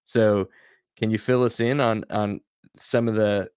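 A man hosting a podcast, asking questions in a relaxed, hesitant way with lots of fillers. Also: fairly low pitch, unhurried, smooth, no room sound, clean studio sound. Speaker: podcast host. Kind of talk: casual interview questions.

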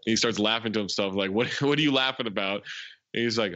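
A man co-hosting a podcast, retelling film scenes in an animated way, full of "like" and laughter. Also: fairly low pitch, fairly quick, no echo, muffled recording. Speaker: podcast co-host. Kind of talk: casual movie recap chat.

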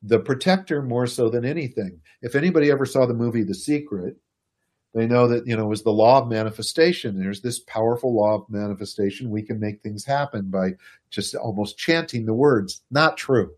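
A man giving a casual, animated explanation to a listener, chuckling and speaking to them directly. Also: medium pitch, a little fast. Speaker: speaker explaining personality types.

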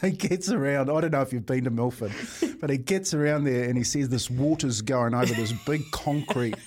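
On breakfast radio, a man spins a funny, casual yarn in a mid-range voice at a brisk pace. He's an animated storyteller who laughs often and acts out the voices, speaking from a radio studio.

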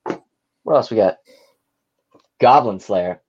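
A slightly tipsy man co-hosting a podcast over a video call, excitedly rambling through plot summaries in casual chat. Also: fairly low pitch, slow, slightly rough, dull audio. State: a little tipsy. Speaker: podcast co-host.

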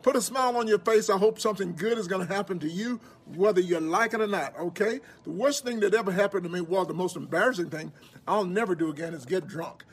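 A man's voice: high voice, fast talker, husky. A man recording a cheerful, upbeat video greeting, chatting playfully about his life. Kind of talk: casual recorded message.

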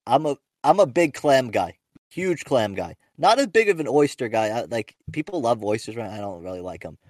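A man's voice: mid-range voice, big pitch swings, normal speed, a little mellow, dry recording, clean studio sound. A young man, a podcast host and stand-up comic, telling rambling, profane stories with lots of restarts. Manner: rambling, profane, self-interrupting anecdotes. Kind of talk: casual podcast storytelling.

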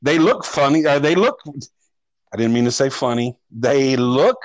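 A man's voice: mid-range voice, expressive, moderate pace, dry recording, low-quality recording. Rambling, cussing podcast guy. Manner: rambling, profane, restarts often. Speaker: podcast co-host. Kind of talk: casual storytelling chat.

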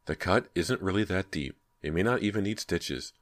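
A man's voice: low voice, animated, normal speed, pitched above the performer's own voice. Man doing a fussing middle-aged mother. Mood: soothing.

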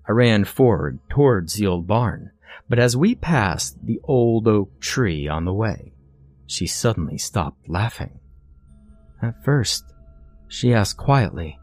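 A man narrates a scripted horror story in the first person, measured and expressive. His voice sits fairly low but rises and falls widely. The recording is close and dry, with no room sound. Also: no room sound.

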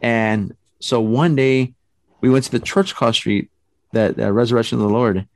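A man casually telling a long story, rambling and animated, full of fillers. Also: medium pitch, normal speed, dry recording. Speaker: storyteller guest. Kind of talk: casual chat.

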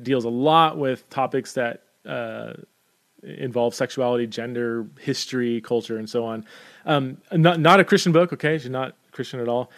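A man talking casually through book recommendations, halting often with fillers and restarts. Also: a little high. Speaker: book reviewer.

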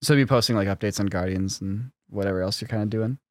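A man hosting a podcast in casual chat, friendly and quick to laugh, thanking his listeners and his guest. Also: fairly low pitch, no room sound, clean studio sound. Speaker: podcast host.

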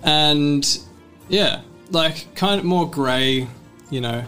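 Aussie guy, halting speech, slow, describing his character. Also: on the high side, sharp tone, soft background music. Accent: Australian. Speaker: player. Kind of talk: casual chat.

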